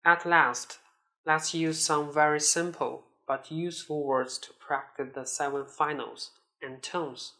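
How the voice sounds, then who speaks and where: A woman teaching a pronunciation lesson, modelling syllables with careful, deliberate enunciation. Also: low voice, fairly even intonation, sharp tone. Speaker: Mandarin teacher.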